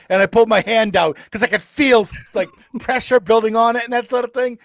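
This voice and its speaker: A man telling a story as a guest on a casual podcast, animated and bursting into loud exclamations. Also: very high voice, fast talker, hardly any pauses.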